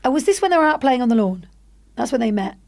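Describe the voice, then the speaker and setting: A woman's voice: fairly high pitch, big pitch swings, quick pace, darkish tone. A woman co-hosting a podcast in casual chat, quoting people as she tells stories. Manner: chatty, quotes people in dialogue. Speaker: podcast co-host.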